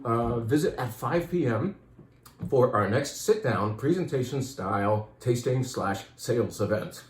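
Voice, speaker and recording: A man's voice: mid-range voice, darkish tone, roomy sound. A man who runs a wine shop, chatting casually and enthusiastically about upcoming events and club wines, a little out of breath. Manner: chatty, enthusiastic, rambling with restarts. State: out of breath, dry throat. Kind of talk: casual promotional talk.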